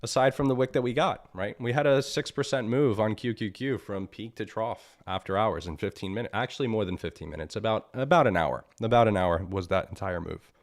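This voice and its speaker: A man's voice: on the low side, brisk, few pauses. A man hosting a live market analysis stream. He sounds annoyed, talks bluntly, repeats himself and keeps asking "right?". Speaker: trading stream host.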